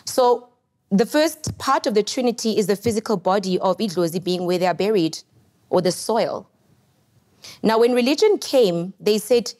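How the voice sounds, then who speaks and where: A woman's voice: mid-range voice, lively intonation, normal speed, darkish tone. A woman with a South African accent, a podcast guest explaining things in an earnest, lecturing way. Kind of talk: podcast discussion.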